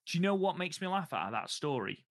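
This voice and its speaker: A man's voice: on the high side, sing-song, fast talker, creaky, no echo. A man co-hosting a casual podcast, blunt and teasing, with some swearing. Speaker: podcast co-host. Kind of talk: casual chat.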